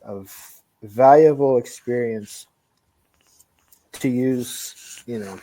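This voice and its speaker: A man's voice: mid-range voice, very slow, warm tone, a little hiss or hum, low-quality recording. A man as a podcast guest, talking reflectively and rambling with many fillers. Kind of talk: casual podcast chat.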